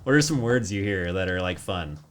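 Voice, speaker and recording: A man's voice: deep voice, a little fast, a little hiss or hum. A man hosting a casual podcast from his basement, playfully quizzing his guest. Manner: playful quizzing, lively up-and-down delivery. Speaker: podcast host. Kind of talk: casual chat. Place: home basement.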